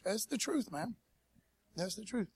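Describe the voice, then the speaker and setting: A pastor preaching a casual sermon at a church service, in a laid-back, slangy way and calling on the congregation to respond. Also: male voice, high voice, animated, a little slow, a little mellow, slightly rough, no room sound. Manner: laid-back slangy preaching, peppered with "man" and "you know what I mean"; calls for audience response.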